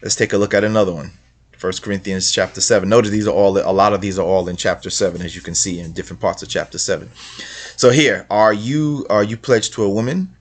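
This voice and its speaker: A man's voice: on the low side, fairly even intonation, fast talker. A man hosting religious commentary, reading passages aloud and repeating his points with rhetorical questions in a casual way. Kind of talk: casual screen-share commentary.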